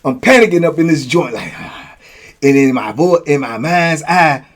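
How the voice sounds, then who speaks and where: Male storyteller, casual prison tales, animated, fairly high voice. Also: a little slow. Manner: animated, acting out blows with sound words. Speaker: storyteller, host.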